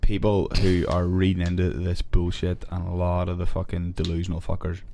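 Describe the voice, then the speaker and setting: Irish man, mma fighter, casual chat, sweary, animated, lowish voice. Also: fairly quick, gravelly, slight background noise. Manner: profane, animated storytelling.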